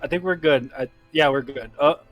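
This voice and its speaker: A man's voice: on the high side, a little fast, no echo, faint music behind. A man co-hosting a game stream, chatting casually and teasing with a giggly manner over a voice call. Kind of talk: casual chat. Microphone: headset or desk mic on a voice call.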